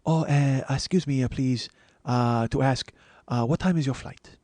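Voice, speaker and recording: A man putting on a small, polite Japanese-accented businessman who talks in soft, hushed, halting phrases. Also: mid-range voice, dry recording, lightly acted. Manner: hesitant, polite, filler-laden.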